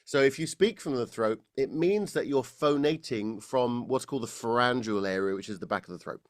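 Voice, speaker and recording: A British man, a voice coach, explaining technique in a relaxed interview, often laughing and restarting his sentences. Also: mid-range voice, fairly quick, dry recording, studio quality. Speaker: voice coach guest.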